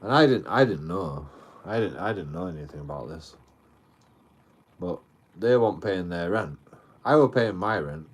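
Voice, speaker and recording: A man, speaking in a fairly low voice, tells a long story in a casual, rambling way. He swears constantly and often stumbles back over his own words. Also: animated, normal speed, pauses often, slightly rough. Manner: rambling, heavy swearing, frequent restarts. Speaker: livestreamer. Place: outdoors.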